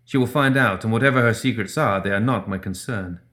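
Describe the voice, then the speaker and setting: Nervous young doctor muttering low to himself, a guy reading it. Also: fairly quick, fairly bright tone, close to an everyday voice. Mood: uneasy.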